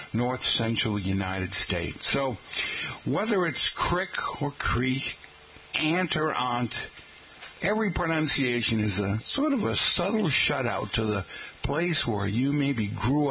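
A man's voice: fairly low pitch, vocal fry, fairly bright tone, slight background noise. A middle-aged man with a Boston accent, hosting a live local radio show in a chatty, folksy way and calling his listeners folks. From Massachusetts. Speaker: radio host. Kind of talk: live radio talk segment. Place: radio studio in a restaurant.

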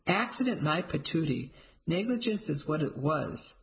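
A narrator voicing a blunt, grumbling elderly woman who smokes, with a raspy voice, in an audiobook. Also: mid-range voice, very animated, moderate pace. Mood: scolding. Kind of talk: audiobook character voice.

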